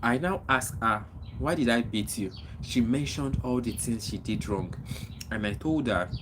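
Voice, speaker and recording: A Nigerian man with a Nigerian accent hosts a casual livestream, answering viewers' comments with repetitive, preachy advice. He speaks unhurriedly at medium pitch, coughing and clearing his throat often, with background noise.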